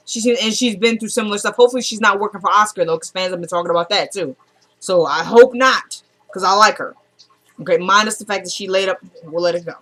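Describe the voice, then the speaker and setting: A woman's voice: mid-range voice, fairly bright tone. A woman casually recapping a TV drama episode, retelling scenes through quoted dialogue.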